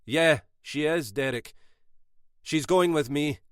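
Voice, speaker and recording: A man's voice: fairly high pitch, slow, smooth, dry recording, clean studio sound, voice pushed up. A man voicing a protective older brother who speaks firmly and commands. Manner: firm, commanding. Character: protective big brother, forceful and urgent.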